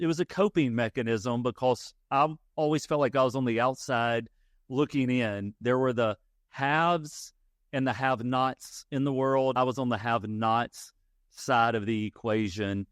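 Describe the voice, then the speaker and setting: A man in his forties speaks with a Louisiana country accent touched by Texas twang, folksy and quick to laugh as he tells his story. His voice sits at a middle pitch, recorded close and dry with no room sound around it. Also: no room sound. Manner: folksy, laughs easily, reflective. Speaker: guest. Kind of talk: casual interview storytelling.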